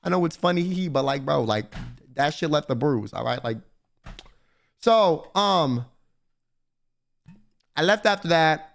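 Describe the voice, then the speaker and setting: A male streamer with a slightly higher-pitched voice tells a loose, rambling story to his viewers. He swears freely and stumbles through frequent restarts as he talks. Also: lively intonation, a little slow, vocal fry, pauses often, soft background music. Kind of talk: casual storytelling to chat.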